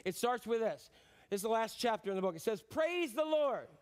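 A man's voice: sits high, quick pace. A middle-aged male pastor preaching a sermon in a conversational way, repeating phrases and asking the congregation questions.

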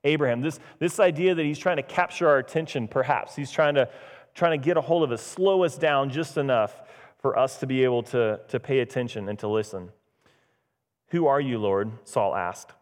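A man's voice: mid-range voice, brisk. A man preaching a casual, conversational sermon as pastor, acting out the voices in the scripture he reads. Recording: long church reverb.

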